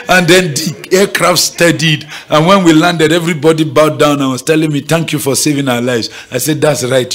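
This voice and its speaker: A man with a Nigerian accent preaching at a morning prayer meeting, emphatic and often asking the congregation if they are following. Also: fairly high pitch. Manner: bright, emphatic, keeps checking the audience is following. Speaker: pastor. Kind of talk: sermon. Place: church gathering.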